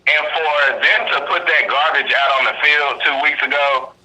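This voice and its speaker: A young man calling in as a guest on a sports talk show, earnest and halting, over a phone line. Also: on the high side, steady tone, sharp tone, husky. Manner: earnest, halting, restarts often. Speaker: guest fan.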